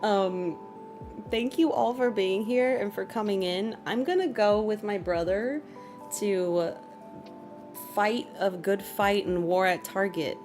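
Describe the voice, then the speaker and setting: A woman's voice: medium pitch, takes it slowly, darkish tone, faint music behind. A young woman streaming casually, reading chat comments aloud and giggling often.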